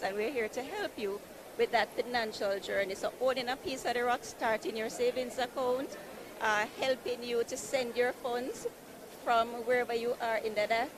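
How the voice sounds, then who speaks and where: A woman representing a building society at a conference marketplace booth, pitching savings and mortgages in an upbeat, persuasive way. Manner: upbeat, persuasive, repeats easy and convenient. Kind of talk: sales pitch at an expo booth. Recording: noisy conference floor.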